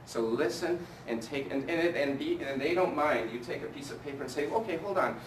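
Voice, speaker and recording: A man's voice: mid-range voice, a little fast, slight background noise. A man leading a live sales training in front of a group, coaching energetically and asking the room questions. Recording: echoey room from a distance with faint ambience.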